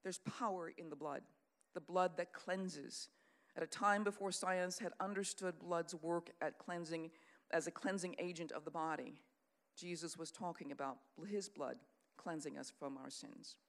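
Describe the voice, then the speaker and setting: An earnest Christian speaker giving a sermon-style teaching talk at a middle pitch. The delivery is lecturing and unscripted, with restarts and reading from quoted books. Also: steady tone, measured pace, a bit bright. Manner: earnest, lecturing, reads out long quotations.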